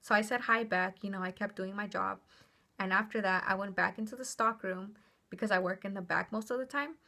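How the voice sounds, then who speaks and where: A young woman telling a personal story on her vlog in a chatty, animated way, with lots of "like" and casual swearing. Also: medium pitch, a little fast, creaky.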